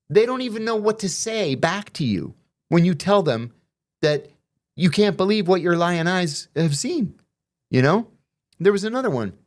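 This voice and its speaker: Animated storytelling man. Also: a little high. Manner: animated, acts out quoted exchanges with profanity. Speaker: guest telling prison stories. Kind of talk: casual storytelling conversation.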